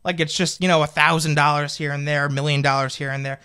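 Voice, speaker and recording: A man's voice: fairly high pitch, a little fast, few pauses, sharp tone, smooth. A man in his twenties, a political commentator, delivering a fired-up, indignant opinion rant full of rhetorical questions. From United States. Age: 20s.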